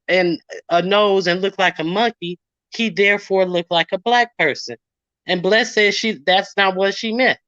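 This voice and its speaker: A woman's voice: mid-range voice, a bit bright, no room sound. Woman, indignant rant, streamer commentary, acts out quotes, muffled lo-fi audio, dry close sound. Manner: indignant, retells arguments in quoted voices. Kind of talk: casual ranting commentary.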